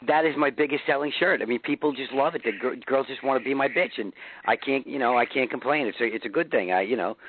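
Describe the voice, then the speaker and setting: A man's voice: mid-range voice, quick pace. A man with a New York accent, a guest musician chatting loosely in a radio interview, swearing freely and laughing often. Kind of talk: casual radio interview chat. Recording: tinny phone line.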